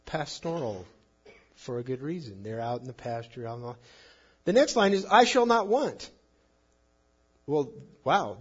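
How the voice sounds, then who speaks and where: A man preaching a sermon on the psalms, speaking emphatically and swinging between loud and soft. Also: mid-range voice, husky, muffled recording. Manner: emphatic, rising and falling in volume.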